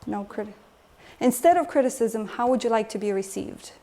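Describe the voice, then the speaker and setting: A woman's voice: fairly high pitch, animated, fairly quick, warm tone. A woman emotional health coach giving a lecture to a live group, engaging the audience with frequent questions.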